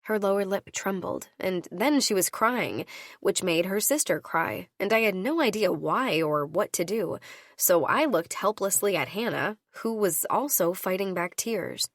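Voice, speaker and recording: A woman reading a first-person audiobook, voicing each character with her own shifts in pitch. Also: expressive, unhurried, no echo, clean studio sound. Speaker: audiobook narrator.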